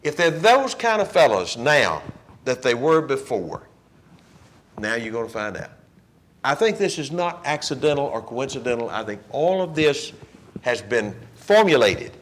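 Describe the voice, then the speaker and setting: Lively man teaching a Bible class. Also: medium pitch, a little slow. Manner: lively storytelling, acting out quotes. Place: church classroom.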